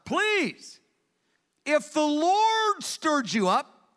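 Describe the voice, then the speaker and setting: A man's voice: very high-pitched, sing-song, extremely slow, sharp tone, long reverb tail, pitched above the performer's own voice, exaggerated voice. A man preaching voices a young would-be king pleading his loyalty in an earnest tone.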